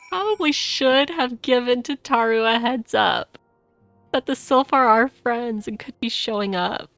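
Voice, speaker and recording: A woman streaming a video game, chatting casually and excitably with lots of 'like'. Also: on the high side, slow, pauses often, dry recording, faint music behind. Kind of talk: casual gameplay commentary.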